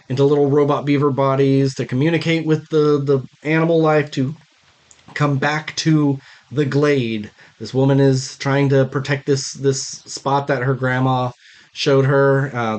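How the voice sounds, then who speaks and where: A young man co-hosting a podcast, giving blunt, wry opinions and movie recaps in casual chat. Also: medium pitch. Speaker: podcast co-host.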